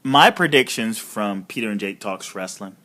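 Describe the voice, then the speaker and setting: A man's voice: lowish voice, lively intonation, normal speed, pushed and bright. A man hosting a casual review podcast, rambling with fillers and swearing. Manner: rambling, profane, many fillers. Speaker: podcast host. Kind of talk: casual wrestling review chat.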